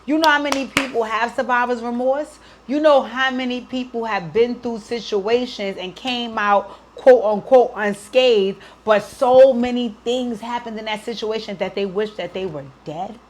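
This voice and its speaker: A woman's voice: fairly high pitch, moderate pace, hardly any pauses. A woman hosting an advice show, speaking earnestly and emotionally to a worried mother, close to tears at times and often checking in with "right?". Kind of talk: heartfelt advice talk to a listener.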